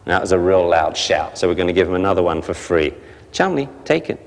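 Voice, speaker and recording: A man teaching a dog training class, explaining briskly and barking short sharp commands at the dogs. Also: sits low, flat delivery, a little hiss or hum. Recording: long hall reverb.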